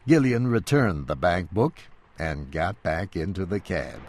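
Slow, expressive male storyteller. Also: low-pitched, a little hiss or hum. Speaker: narrator. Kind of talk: scripted narration of a story.

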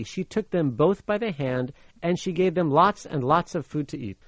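This fairly high-pitched man from Los Angeles, USA speaks at a normal pace with no room sound, though the audio has a slightly muffled radio quality. Playful and animated, he laughs easily as he tells a fairy tale and explains idioms like a slang teacher in a storytelling lesson.

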